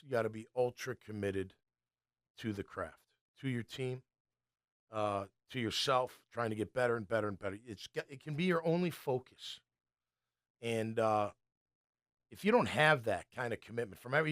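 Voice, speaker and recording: A man who played pro football, now hosting a casual sports talk show and telling stories animatedly, sometimes dropping to a low mutter. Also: normal speed. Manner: animated storyteller, acts out coaches' yelling. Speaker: former NFL player turned sports talk host.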